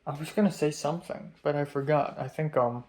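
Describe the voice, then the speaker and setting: A man's voice: a little high, fairly quick. A young man from Hong Kong vlogging in a casual, rambling rant, swearing a lot and restarting his sentences. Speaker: YouTube vlogger.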